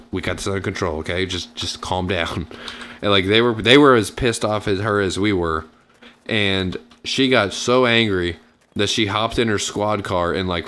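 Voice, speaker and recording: A man's voice: fairly low pitch, normal speed, a bit bright, slight background noise. A man casually telling a long, rambling story over gameplay, full of fillers, acting out what people said. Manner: rambling, filler-heavy, acts out quotes. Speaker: gaming channel host.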